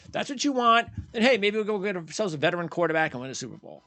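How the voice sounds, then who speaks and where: A man's voice: sits high, expressive, quick pace, hardly any pauses, sharp tone, dry recording. A man hosting post-game sports commentary, ranting bluntly and heatedly, repeating his points and mocking fans in quoted voices. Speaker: sports channel host.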